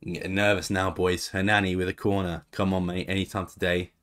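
A man's voice: sits low, flat delivery, a little fast, fairly bright tone. A young man chatting casually as he comments on his own football management game, reacting to each move as it plays. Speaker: gaming YouTuber.

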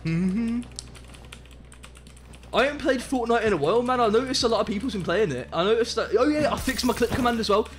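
A young English man live-streaming a video game, excitable and loud, swearing and chatting to his viewers. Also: extremely high pitch, a little fast, a little hiss or hum. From England. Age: young adult. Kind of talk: live gaming commentary. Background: game music.

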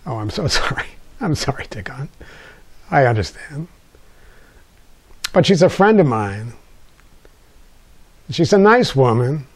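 A man's voice: fairly high pitch, sing-song, slow, pauses often, exaggerated voice. An older man voicing his mother, a firm middle-aged woman who scolds and then soothes her son. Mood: soothing.

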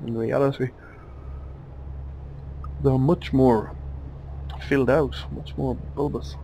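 A man's voice: mid-range voice, little pitch movement, normal speed, creaky, pauses often, mellow, slight background noise, low-quality recording. A man, hosting a let's play with chatty, wry asides while he drives. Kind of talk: casual gameplay commentary.

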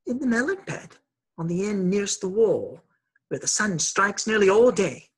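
A woman's voice: mid-range voice, lively intonation, moderate pace, slightly rough. Darzee, a woman doing a sing-song little bird. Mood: flattering. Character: foolish, boastful little male songbird.

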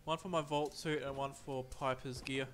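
A man streaming a game, thinking aloud in relaxed, chatty commentary with fillers. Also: medium pitch, moderate pace, slight background noise. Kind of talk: casual gameplay commentary.

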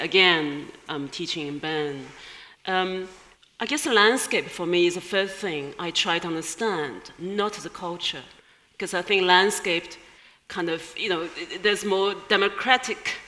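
A woman with a Chinese accent speaks as a guest at a live event, her voice bright and forceful. She talks in a thoughtful way, with small laughs between her phrases. Her voice rings with the long reverb of a large hall. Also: on the low side, a little slow. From China. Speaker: guest writer. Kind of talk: onstage interview.

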